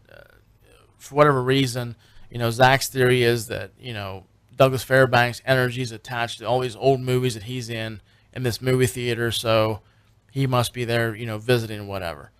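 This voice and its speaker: A man's voice: medium pitch, a bit bright, smooth, no room sound. A man co-hosting a radio talk show, telling a long, rambling story with many fillers and restarts. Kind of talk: casual radio chat recapping a TV show.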